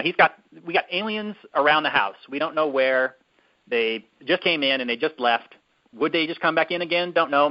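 A man hosting a casual chat, telling a long story in a rambling, drawn-out way with many fillers. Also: medium pitch. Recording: dull lo-fi recording.

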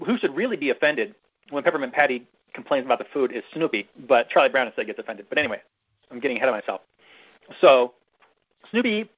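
A man in casual podcast chat, rambling through a recap with an irreverent, offhand manner. His voice sits at an ordinary middle pitch. The recording sounds a little dull and lo-fi. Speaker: podcast host.

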